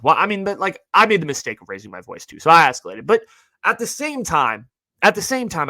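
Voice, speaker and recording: A young man hosting a podcast, telling stories about college in an animated, casual way and saying "like" a lot. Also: medium pitch, no echo. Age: young adult. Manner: animated storytelling, heavy use of "like". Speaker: podcast host. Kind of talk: casual monologue.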